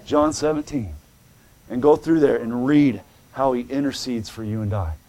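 A male preacher giving a fervent sermon, calling out to the congregation and swinging between shouting and hushed tones. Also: medium pitch, moderate pace.

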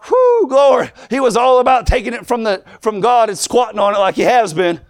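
This fiery sermon comes from a man whose high, gravelly voice moves from quiet asides to shouted lines that are almost sung. He is very animated and a little fast, never dropping his rhythmic, sing-song preaching cadence.

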